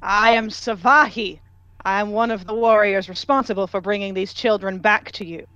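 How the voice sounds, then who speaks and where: A woman voicing a pompous female warrior who announces herself in a booming way. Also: fairly even intonation, brisk, fairly bright tone, dry recording, lo-fi sound, natural voice. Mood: proud.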